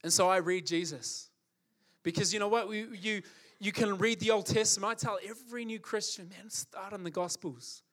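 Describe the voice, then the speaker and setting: A man's voice: sits high, fairly even intonation, normal speed, a bit bright. A man preaching a sermon, impassioned and emphatic, building his points through repetition.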